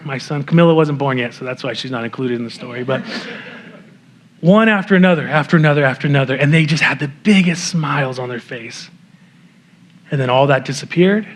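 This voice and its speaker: A pastor giving an earnest testimony in a sermon, telling a personal story with light laughs and frequent restarts. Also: male voice, on the high side. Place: church sanctuary.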